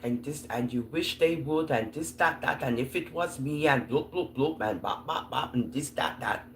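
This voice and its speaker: A preacher with a Jamaican patois accent gives a casual, conversational Bible lesson. The delivery is full of rhetorical questions, and the pitch swings widely. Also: slight background noise. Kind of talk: informal Bible teaching.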